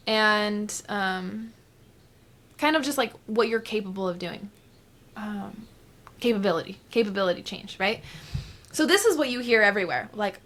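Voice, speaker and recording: A woman's voice: mid-range voice, fairly bright tone. A young woman hosting her own podcast, talking candidly and swearing often as she acts out her past self. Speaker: podcast host. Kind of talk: casual solo podcast monologue.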